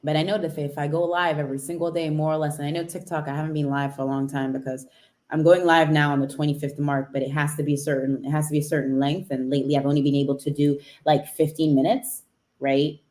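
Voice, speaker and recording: A woman's voice: low-pitched, flat delivery, fast, a little mellow. A woman from Cambridge, England chatting on a motivational live stream and greeting viewers by name as she talks.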